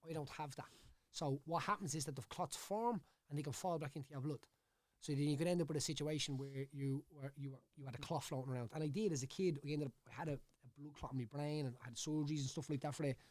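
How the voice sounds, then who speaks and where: A former fighter from Ireland, speaking with a Dublin accent, chats casually as a podcast guest in a studio. His fairly high, darkish voice moves fast, and he rambles with stumbles, repeated words and "you know what I mean" tags. The recording is dry.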